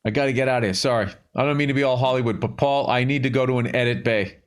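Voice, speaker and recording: A man's voice: mid-range voice, fast talker. A man in his fifties with a Boston accent, co-hosting a casual podcast chat with blunt, profane, dry humor. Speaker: podcast co-host.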